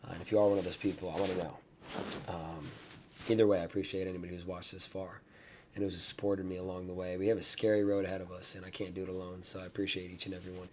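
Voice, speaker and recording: A man's voice: low-pitched, very fast, slight background noise. A man hosting a casual vlog, chatting easily with many ums while riding home in a car. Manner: relaxed, easygoing, many filler ums. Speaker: vlog host and ultrarunner. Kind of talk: casual vlog talk and recap.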